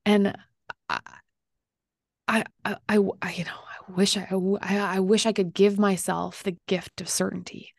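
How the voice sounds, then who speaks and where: A woman author talking as an interview guest, gentle and reflective, often laughing and dropping into soft near-whispers. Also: mid-range voice, flat delivery, a little slow, vocal fry, no echo, clean studio sound. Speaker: author and podcast host, guest.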